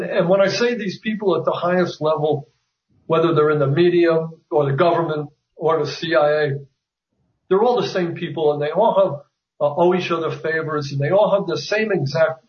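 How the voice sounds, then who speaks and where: Halting, roomy-sounding man. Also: on the high side. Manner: hesitant, many fillers and restarts. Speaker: author guest. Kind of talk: conversational interview. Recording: roomy, distant, dull sound.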